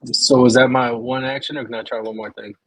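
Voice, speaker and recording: A man's voice: mid-range voice, little pitch movement, fairly quick, fairly bright tone, rough recording. A man playing a tabletop game online, chatting casually and asking about rules. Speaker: player.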